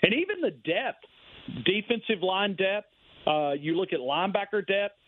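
A man's voice: sits high, expressive, normal speed. A man talking sports as a guest over the phone, emphatic and rambling, with many restarts. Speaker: radio host guest. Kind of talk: sports radio phone interview. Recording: tinny phone line.

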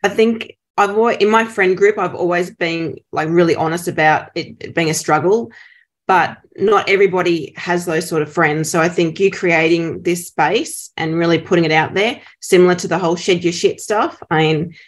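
A woman guest on a podcast talks earnestly, stopping and restarting her sentences. Her voice sits a little low. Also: fairly even intonation, moderate pace. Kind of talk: casual chat.

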